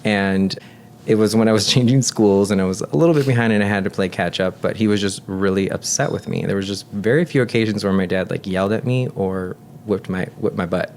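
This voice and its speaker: A man in his thirties, a nurse appearing as a guest, talks a little fast in casual chat over a slight hiss or hum. Earnest and talkative, he shares personal stories and drops soft and low when reflecting.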